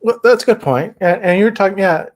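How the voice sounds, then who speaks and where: A man's voice: high voice, a little fast. A man hosting a streamed talk show, talking in a rambling way with frequent restarts. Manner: rambling, with many restarts and fillers. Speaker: host. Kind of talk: casual discussion.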